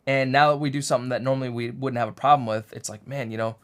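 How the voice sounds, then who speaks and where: A man's voice: mid-range voice, steady tone, fast. Male co-host, 30s, easygoing rambler who jokes and acts out quotes. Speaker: co-host of a sewing channel. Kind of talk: casual chat.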